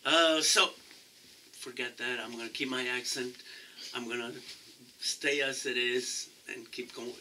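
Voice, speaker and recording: A man with a non-native English accent answering interview questions as a political candidate, halting and restarting often. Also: medium pitch, fairly even intonation, sharp tone, distant mic, a little hiss or hum, poor audio. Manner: halting, many restarts and fillers. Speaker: council candidate.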